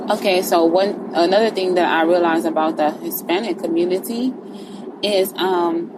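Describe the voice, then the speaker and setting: A woman's voice: on the low side, moderate pace. Chatty woman over traffic noise. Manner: loose and conversational, with many fillers and swearing. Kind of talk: casual podcast chat.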